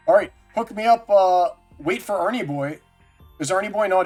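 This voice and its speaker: A man's voice: high-pitched, moderate pace, a little mellow. A man streaming live, chatting casually and jokily with viewers by name. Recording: faint music underneath.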